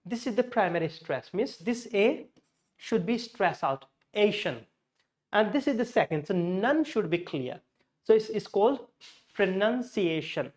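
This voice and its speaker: A man's voice: sits high, lively intonation, normal speed, darkish tone. A man with an Indian English accent teaching a pronunciation lesson, explaining patiently and often correcting himself mid-sentence.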